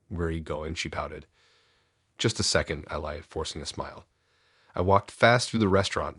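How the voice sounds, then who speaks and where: A man narrating a first-person horror story in a low, measured, ominous storytelling voice. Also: slightly rough, dry recording, clean studio sound.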